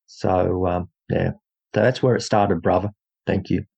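A man's voice: deep voice, fairly even intonation, a little slow, gravelly, darkish tone, breathy edge, lo-fi sound. A man from Australia with an Australian accent, sharing a faith testimony in an earnest, hesitant way with many fillers. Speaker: guest speaker in an online faith group.

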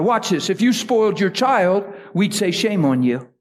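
A man preaching a sermon, telling a story dramatically and swinging from hushed whispers to loud, high cries. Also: lively intonation, a little slow, few pauses.

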